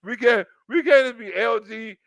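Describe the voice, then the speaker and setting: Speaking at a moderate pace, a man with a very high, fairly bright voice rants casually and profanely as a commentary vlogger, with no echo. He rambles, laughs a lot, and repeats his fillers, saying "you know what I'm saying" again and again.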